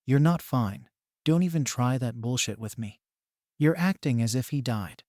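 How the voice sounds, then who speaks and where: A man's voice: mid-range voice, lively intonation, normal speed, a little mellow, no echo, clean studio sound, natural voice. A man voicing a stubborn, hot-headed middle-aged mother in a storybook reading, blunt and scolding.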